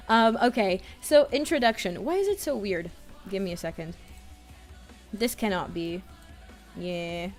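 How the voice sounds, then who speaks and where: A woman in her twenties streaming live, chatting casually, excitable and a bit nervous as she greets her viewers. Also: mid-range voice. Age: 20s. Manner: excitable, gushing greetings to chat; nervous, self-conscious chatter.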